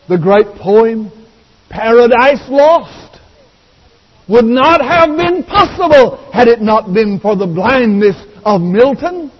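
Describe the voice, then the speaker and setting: High voiced preacher guy going slow, swinging loud to hushed, dull old recording. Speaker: pastor. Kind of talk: sermon. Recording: dull recording with long hall reverb.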